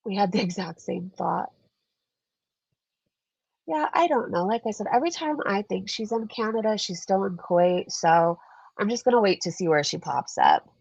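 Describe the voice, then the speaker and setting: A woman's voice: medium pitch, lively intonation, moderate pace, gravelly, darkish tone, breathy edge, dry recording, dull audio. A woman hosting a casual commentary vlog, chatty and sarcastic, sounding stuffed up as she reads viewer comments. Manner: chatty, sarcastic, laughs often. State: stuffed up, congested. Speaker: commentary channel host.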